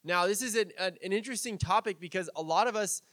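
A man's voice: sits high, fast, a bit bright, dry recording. A man preaching as a pastor in a casual, chatty way, with fillers and light laughs. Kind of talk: conversational sermon.

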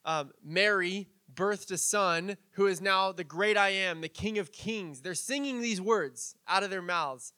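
A man's voice: sits high, a little slow, few pauses, sharp tone, no room sound. A man preaching as a pastor in a casual, chatty way, with fillers and light laughs. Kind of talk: conversational sermon.

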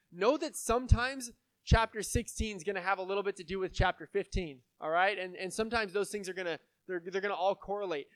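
A man's voice: high-pitched, fairly bright tone, no echo. A young adult man preaching a sermon from the United States in a casual, conversational way, often checking in with his listeners. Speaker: pastor.

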